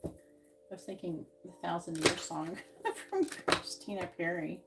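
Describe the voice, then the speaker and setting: A woman's voice: lowish voice, very animated, a little slow, creaky, very noisy. A woman psychic giving tarot readings on a live stream, speaking in short, emphatic statements. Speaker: psychic reader.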